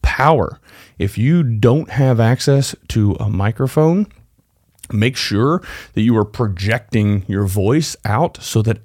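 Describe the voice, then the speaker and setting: A man with a Texan accent talks through tips on his own podcast and coaches listeners directly. His voice sits low and sounds warm and mellow. The recording is dry and close, with no room sound. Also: dry recording. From Texas. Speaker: podcast host. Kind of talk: solo podcast tips talk.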